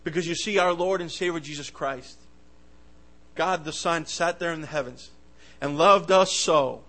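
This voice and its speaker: A man delivers a fervent sermon in a slightly high voice. He swings between loud, emphatic bursts and hushed asides. He often stumbles and restarts his words as he goes. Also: steady tone, moderate pace, poor audio. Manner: impassioned, swings loud and soft, stammering restarts. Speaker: preacher.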